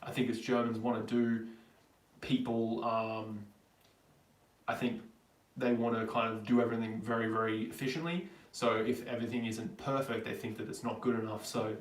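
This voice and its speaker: A man's voice: on the low side, little pitch movement, moderate pace. A young Australian man in his twenties, hosting a live-stream Q&A and answering viewers in a chatty, rambling way. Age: 20s. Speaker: vlogger host. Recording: roomy, distant from the mic.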